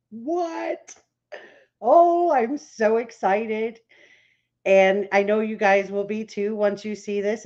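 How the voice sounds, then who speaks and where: A woman hosting a live podcast who chats with viewers, greets them by name and keeps saying how excited she is. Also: lowish voice. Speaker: podcast host. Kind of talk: livestream chat greeting viewers. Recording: dull lo-fi sound.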